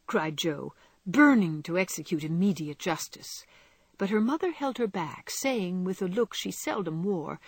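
A woman narrating an audiobook in a measured, expressive way. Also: lowish voice, slightly rough, no room sound.

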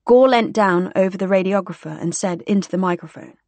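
A woman narrating a novel in a measured, even reading voice. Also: mid-range voice, dry recording. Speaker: audiobook narrator. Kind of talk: scripted narration.

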